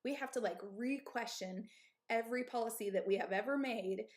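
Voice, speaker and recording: A woman's voice: a little high, brisk. A woman in her thirties who owns and coaches at a gym, giving candid, emphatic advice on a live stream. She often checks in with "okay?" and "right?". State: out of breath.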